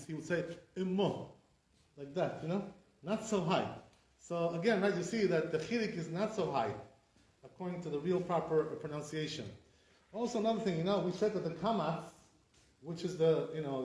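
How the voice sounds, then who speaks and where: Rabbi teaching a class in an echoey room. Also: male voice, on the high side, darkish tone. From Sephardi community. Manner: explains step by step, checks with listeners, demonstrates sounds aloud. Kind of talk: informal Torah class.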